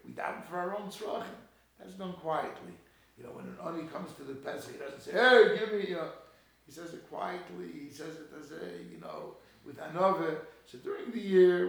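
Man, Torah lecture, gravelly, slightly high voice, loud quotes and hushed asides, very echoey room. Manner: swings between loud emphatic quoting and low hushed asides. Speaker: rabbi giving a Torah talk.

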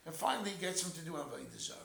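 A man giving an animated Torah class in English full of Hebrew and Yiddish terms, telling a story and explaining verses. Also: sits high, rapid-fire, vocal fry, a little hiss or hum. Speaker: Torah teacher. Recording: roomy echo.

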